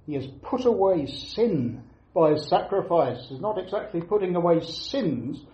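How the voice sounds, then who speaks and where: An earnest man preaches in a fairly high voice. He presses each point with repeated phrases and pauses. The recording is roomy and echoey, with a dull, lo-fi sound. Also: lively intonation. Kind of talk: sermon.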